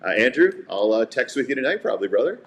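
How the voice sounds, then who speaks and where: A man's voice: mid-range voice, big pitch swings, fast. A man co-hosting a sports podcast, telling stories in a casual, heartfelt way. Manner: warm storytelling, heartfelt. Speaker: podcast co-host.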